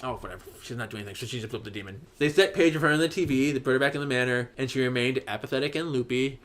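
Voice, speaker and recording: A man's voice: mid-range voice, rapid-fire, fairly bright tone. A man hosting a podcast, casually recapping a story and acting out the characters' lines in raised voices. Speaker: podcast host.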